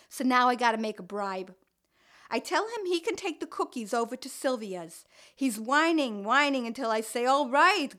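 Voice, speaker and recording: A woman's voice: high-pitched, a bit bright. A woman voicing an older, fussy and fretful mother with a Brooklyn accent, telling her story in the first person with wry, complaining asides. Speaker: narrator.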